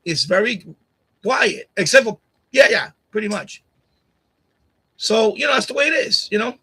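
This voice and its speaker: A man's voice: high-pitched, animated, moderate pace, bright, forceful tone, husky. A middle-aged man hosting a live stream, talking casually and turning heated and repetitive as he confronts someone in the chat. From Puerto Rican family, grew up partly in Puerto Rico. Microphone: USB condenser mic on boom arm.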